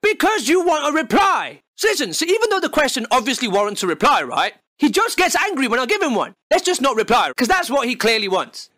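A young man, ranting comedically to camera in a mocking, exasperated tone with loud outbursts. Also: very high voice, sing-song, brisk, hardly any pauses, slight background noise. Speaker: comedy YouTuber.

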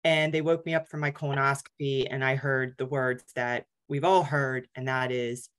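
This guest speaker, a woman in her forties who survived cancer, tells her personal story in a frank, chatty way full of filler words. She has an extremely low, level voice at a moderate pace.

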